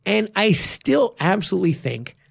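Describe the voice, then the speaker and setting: A male martial arts coach chats on a podcast, emphatic and profane as he breaks down a fight. His voice is deeply gravelly and husky. The sound is dry and close, with no room echo. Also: sing-song, moderate pace. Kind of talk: casual podcast chat.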